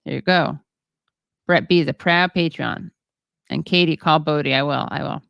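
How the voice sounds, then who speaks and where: A woman hosts a livestream and chats through viewer comments, halting and full of fillers, joking at her own expense. Her voice is low and gravelly. The sound is dry and a little dull. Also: no echo. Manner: rambling, halting, many fillers; self-deprecating, chatty. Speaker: show host. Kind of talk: casual livestream chat reading viewer comments.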